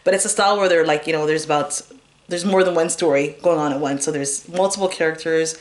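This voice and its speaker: A woman with a low voice talks through her favorite films in a loose, unscripted way. She rambles, fills the gaps with "um" and "you know", and giggles now and then. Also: fast talker. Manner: rambling, chatty, lots of fillers and giggles. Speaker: movie reviewer. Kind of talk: casual chat.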